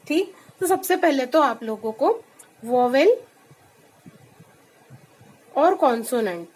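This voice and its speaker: A woman teacher with an Indian English accent, giving a classroom lesson in English and Hindi, explaining step by step and repeating each example word slowly. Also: high voice, darkish tone, low-quality recording. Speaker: school teacher. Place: school.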